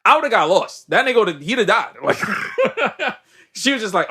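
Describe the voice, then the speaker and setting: Animated young man recapping a movie. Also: high voice, unhurried, slightly rough. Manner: animated storytelling, acting out characters, laughing. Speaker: podcast host.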